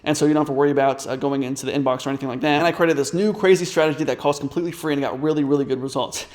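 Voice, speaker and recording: Business coach, male, quick rambling delivery to camera. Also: fairly high pitch, fairly even intonation, darkish tone. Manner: rambling, fast, many fillers and restarts. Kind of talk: casual storytelling to camera.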